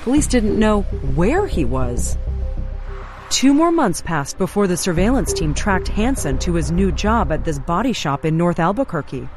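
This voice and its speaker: A woman narrating a news story in a measured, dramatic scripted style. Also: lowish voice, very animated. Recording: voice-over with music underneath.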